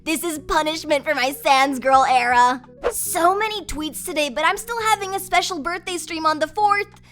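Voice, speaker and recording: A woman putting on an impression of a lively, raspy young woman streamer with bright, spiking vowels. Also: high-pitched, moderate pace, soft background music, voice pushed up. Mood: bubbly.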